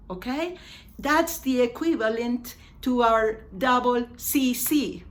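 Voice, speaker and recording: A woman whose first language is Spanish, teaching an English grammar lesson and slowly repeating each example sentence, with asides in Spanish. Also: on the high side.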